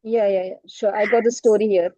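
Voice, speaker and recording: A woman's voice: mid-range voice, fairly even intonation, a little fast, mellow, no echo, muffled recording. A woman teacher telling a story in an online class, often asking questions and checking "right?". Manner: asks the class questions, frequent "right?" and "okay". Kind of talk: storytelling lesson for children.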